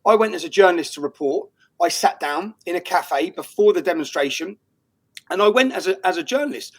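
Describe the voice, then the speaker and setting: A man's voice: sits high, expressive, brisk. A middle-aged British man speaking in a heated interview, indignant and emphatic, often repeating himself. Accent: British English. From England. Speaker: guest.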